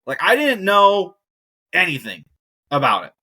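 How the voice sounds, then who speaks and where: A man's voice: high voice, huge pitch swings, measured pace, pushed and bright, breathy edge. A man hosting a podcast, ranting casually and profanely about air travel and movies. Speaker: podcast host. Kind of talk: casual monologue.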